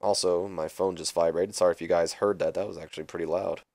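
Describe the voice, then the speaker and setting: A man's voice: low-pitched, steady tone, fast, a little mellow, no room sound. Man rambling through game commentary. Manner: rambling, offhand. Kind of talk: casual gameplay commentary.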